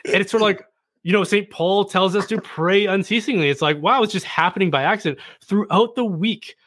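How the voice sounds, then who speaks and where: A man telling a personal story in casual conversation as a podcast guest, animated and self-deprecating. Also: high-pitched, fairly quick, no room sound, studio quality.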